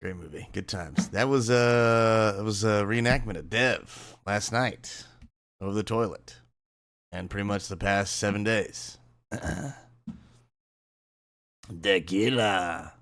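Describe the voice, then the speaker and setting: A man's voice: fairly low pitch, takes it slowly, long pauses, fairly bright tone. A man streaming live, joking and teasing his chat in a casual way.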